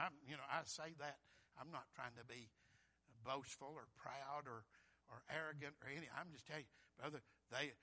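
A man preaching a sermon, swinging from loud pleading to hushed whispers, repeating words in a folksy way. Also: on the high side.

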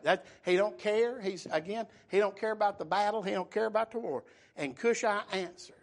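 A man preaching a sermon in a folksy, repetitive way, swinging from loud emphasis to hushed tones. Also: high-pitched, fairly quick.

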